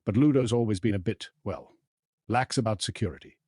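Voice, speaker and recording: Man voicing a cheery flustered wizard dad, nervous fumbling, husky, audiobook figure. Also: on the low side, fairly quick, warm tone, dry recording, studio quality. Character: cheerful, flustered middle-aged wizard father.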